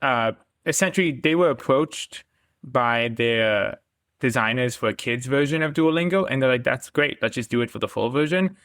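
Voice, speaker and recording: A man's voice: mid-range voice, moderate pace, fairly bright tone, no echo, studio quality. A man speaking as a podcast guest in a casual conversation, enthusiastic and self-deprecating, laughing often.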